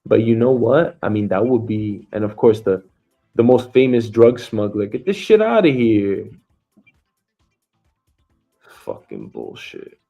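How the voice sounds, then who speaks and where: A man's voice: mid-range voice, mellow, dull audio. A man hosting a news talk stream as a comedian, rambling and swearing freely, with lots of filler words. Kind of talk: casual profane commentary.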